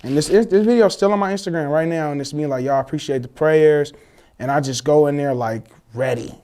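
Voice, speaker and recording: A young man, telling a personal story in casual, slangy, animated chat, acting out the voices of others. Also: on the high side, brisk, smooth. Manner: animated, swears freely, slangy, acts out quoted voices. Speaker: guest telling his story.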